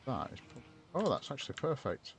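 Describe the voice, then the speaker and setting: A man's voice: mid-range voice, sing-song, moderate pace, creaky, slight background noise. A man from chatting casually while he builds in a game, rambling and answering his chat as he goes. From northern England. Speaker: streamer. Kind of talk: casual gameplay commentary.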